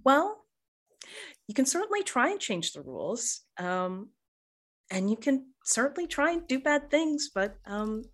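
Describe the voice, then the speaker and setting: A woman voicing a sweet grandmotherly older witch who speaks gently and patiently, a little preachy, with soft hesitations. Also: a little high, expressive, a little slow, long pauses, voice pushed up. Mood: serene.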